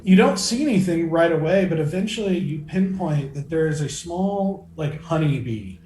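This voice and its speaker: A man's voice: a little high, expressive, normal speed, a little mellow. A man narrating as game master of a tabletop game, rambling with many fillers and restarts. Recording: echoey room with faint music.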